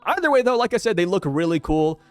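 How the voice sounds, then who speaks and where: A man casually reviewing a comic chapter, chatty and excitable, with many fillers and acted-out quotes. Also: high voice, quick pace, smooth, dry recording, soft background music. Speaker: manga reviewer. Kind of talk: casual commentary.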